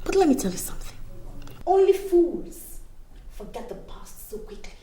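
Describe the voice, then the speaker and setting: An actress with a Nigerian accent playing a frank, outspoken young best friend in a film drama. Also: female voice, high voice, big pitch swings, moderate pace, mellow, a little hiss or hum. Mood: scolding. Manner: frank, scolding.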